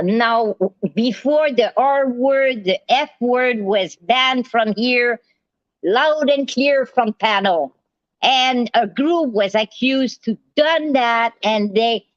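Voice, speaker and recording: A woman's voice: fairly high pitch, no room sound. A woman hosting a livestream, giving a heated rant straight at a rival, repeating herself, with non-native phrasing. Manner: repetitive, confrontational, talks straight to a rival. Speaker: livestream host. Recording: dry, dull lo-fi sound.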